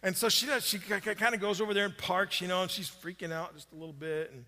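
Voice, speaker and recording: A man's voice: sits high, steady tone, fast talker, pushed and bright, long reverb tail. A man preaching a sermon, telling a story in a conversational way with restarts and fillers. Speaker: pastor.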